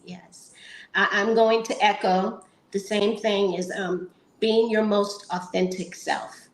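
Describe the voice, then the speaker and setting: A woman's voice: medium pitch, steady tone, slow. A middle-aged woman speaking as a panel guest, earnest and encouraging, with hesitant fillers. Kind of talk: heartfelt panel talk. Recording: roomy echo.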